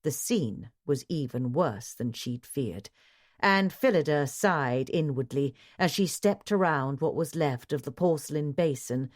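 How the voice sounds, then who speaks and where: A woman narrating a mystery audiobook in a measured, even storytelling manner. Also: low-pitched. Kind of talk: scripted narration.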